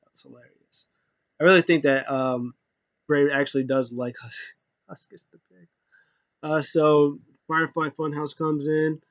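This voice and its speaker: A man's voice: fairly high pitch, little pitch movement, measured pace, long pauses, no echo. A man giving a loose, rambling recap of a wrestling show, full of fillers and asides. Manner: rambling, filler-heavy retelling. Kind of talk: casual recap chat.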